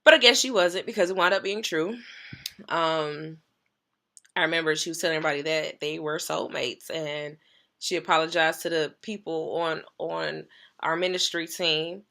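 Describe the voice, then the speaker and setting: A woman's voice: sits low, steady tone, normal speed, creaky, pushed and bright. A woman pastor sharing a personal story in an earnest, emphatic way, repeating key phrases.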